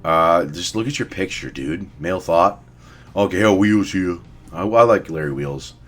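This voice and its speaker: A man's voice: low-pitched, moderate pace, a bit bright. A young man giving blunt, profane, rambling casual commentary as he ranks fitness figures. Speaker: fitness vlogger. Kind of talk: casual commentary ranking influencers.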